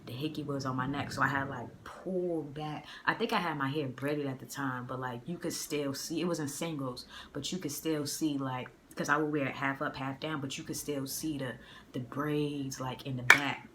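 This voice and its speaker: Young woman, low voice, slangy, animated storytime, faint background noise, phone mic. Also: moderate pace. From Boston area. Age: young adult. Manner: animated, slangy, acts out the dialogue. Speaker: vlogger. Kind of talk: casual storytime.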